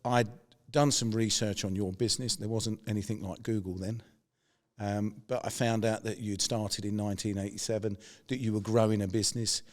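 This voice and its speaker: A man middle-aged podcast host, fairly low voice, brisk storyteller who plays out the people in his anecdotes. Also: steady tone. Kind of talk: conversational anecdote.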